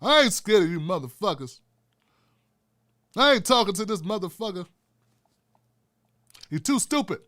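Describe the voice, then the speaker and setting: A man imitating a gruff male comedian, drawling slowly with scorn. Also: high voice, very animated, a bit bright, no room sound. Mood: scornful.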